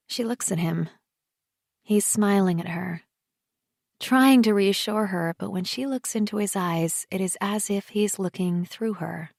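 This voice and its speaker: A woman narrating an audiobook in a quiet, measured voice that drops low on the speech tags. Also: vocal fry, no room sound, studio quality. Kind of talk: scripted narration.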